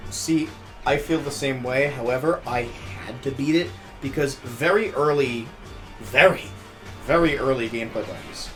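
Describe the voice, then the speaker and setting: A man's voice: mid-range voice, normal speed, a bit bright. A young man hosting a casual gaming podcast, ranting emotionally and swearing often. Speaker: podcast host. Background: music.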